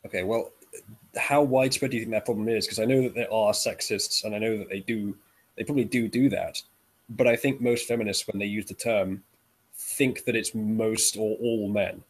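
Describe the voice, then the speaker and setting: A man in a casual online debate who asks questions in a measured way, often hesitating, over a voice call. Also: fairly low pitch, fairly even intonation, slightly rough, rough recording. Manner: measured, hesitant with ums and uhs. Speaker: guest debater, interviewer.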